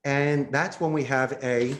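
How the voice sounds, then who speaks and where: A man, a call center boss, explaining sales phone tactics with enthusiasm and acting out calls in bright voices. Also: medium pitch, steady tone, a little slow, a little hiss or hum. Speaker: call center CEO, interview guest. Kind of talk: animated sales coaching talk. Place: in Costa Rica.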